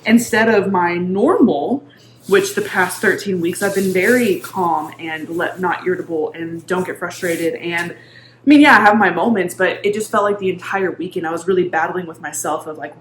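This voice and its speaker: A mindset coach in her thirties talks casually to camera in a vlog, using many fillers. Her voice is fairly low and moves at normal speed, recorded in an echoey room with faint background noise.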